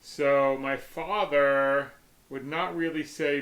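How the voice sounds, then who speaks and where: A man's voice: mid-range voice, steady tone, takes it slowly, a bit bright. A man in his sixties co-hosting a casual chat, easygoing and plainspoken. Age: 60s. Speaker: co-host. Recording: echoey room.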